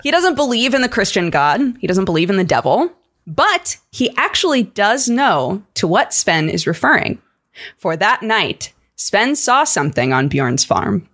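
Lively woman telling a story. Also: mid-range voice, measured pace. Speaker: podcast guest storyteller. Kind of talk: storytelling narration.

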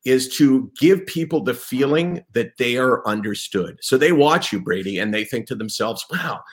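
A man's voice: medium pitch, moderate pace. A man interviewing a guest, speaking in an earnest, emphatic, explanatory way. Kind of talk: conversational interview.

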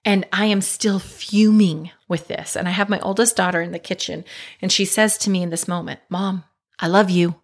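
A woman's voice: mid-range voice, fairly even intonation, fairly quick. A middle-aged woman, a mother and life coach, candidly telling a personal story in a reflective, conversational way. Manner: candid, self-reflective, conversational with frequent "right?" and "like".

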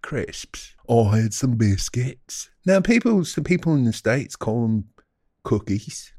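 A man co-hosting a comedy podcast, rambling with a deadpan, mock-serious manner. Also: medium pitch, slow, no echo, clean studio sound. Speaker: podcast co-host. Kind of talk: casual comedic chat.

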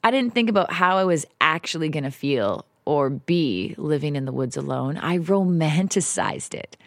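A woman with a lowish voice records an unscripted solo podcast at home, talking in a raw, confessional way. She mocks herself and swears now and then. The sound is dry and close, with no room around it. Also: expressive, moderate pace, dry recording. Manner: confessional, emotional, swearing, self-mocking. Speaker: podcast host. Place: house in the woods, alone. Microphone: home setup, popping p's.

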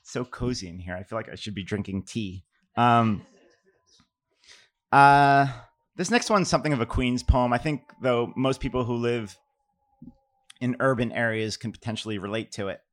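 A middle-aged man from New York tells a rambling, self-deprecating story before reading his poems. He speaks at an average pitch, loose and unhurried, with plenty of "um"s and restarts. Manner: relaxed, self-deprecating, many fillers and restarts. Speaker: poet giving a reading. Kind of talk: casual anecdote and poetry reading.

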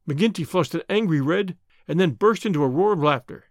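A man narrating an audiobook in a measured, expressive storytelling manner. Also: a little high, no room sound, clean studio sound.

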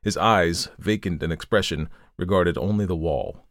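Man narrating a classic tale, low voice. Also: normal speed, no room sound, clean studio sound. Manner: steady, formal storytelling.

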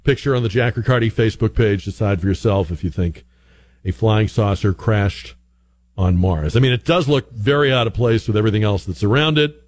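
A man hosting a call-in radio talk show, chatty and animated, now and then mimicking other voices as he tells stories. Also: lowish voice, fairly quick, no echo. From northern United States. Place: radio studio.

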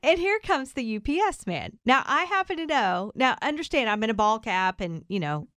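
A bright, fairly high-voiced woman on a morning radio show, telling a story in casual chat with lots of laughter and acted-out lines. The sound is close and dry, with no room around her. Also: moderate pace, dry recording. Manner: animated, laughing, acts out quoted lines.

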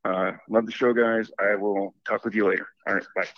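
A man's voice: fairly low pitch, little pitch movement, brisk, dry recording, highs cut off. A man calling in to a show, telling a long story casually with lots of restarts and quoted asides. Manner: rambling, restarts and self-quoting. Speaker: caller.

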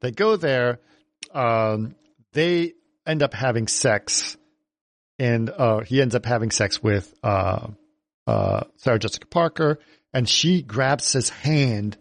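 A man co-hosting a casual film podcast, retelling a plot with many fillers and quick acted quotes. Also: medium pitch, very animated, gravelly. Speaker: podcast co-host.

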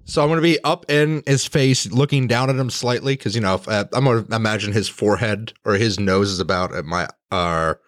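A man chatting casually as a player in a tabletop game, animated and quick to joke. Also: fairly low pitch, dry recording, clean studio sound.

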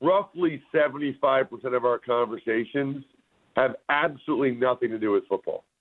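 A man, a guest football analyst from near Philadelphia, chatting casually by phone in an easygoing way with a hoarse voice. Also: mid-range voice, fairly quick. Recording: phone line.

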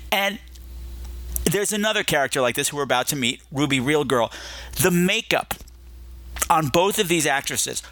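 A man's voice: a little high, lively intonation, moderate pace, long pauses, sharp tone. A man hosting a podcast, giving chatty, emphatic and digressive commentary on a film. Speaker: podcast host.

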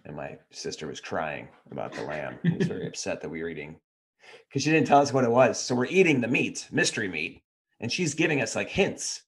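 A man's voice: lowish voice, sing-song, brisk. Teasing podcast co-host, a man. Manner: teasing, dry storytelling. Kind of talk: casual podcast banter.

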